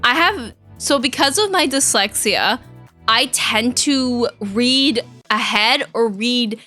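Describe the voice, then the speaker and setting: A woman's voice: fairly high pitch, expressive, slow, pushed and bright, faint music behind. A young woman streaming live, chatting casually and giggling as she talks to her chat. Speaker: vtuber streamer.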